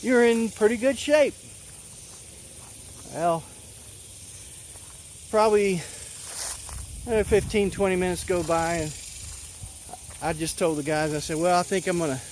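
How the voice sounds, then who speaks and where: A man in his thirties telling a personal story in a casual, halting way, with many fillers and restarts. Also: on the high side, steady tone, a little hiss or hum. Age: 30s.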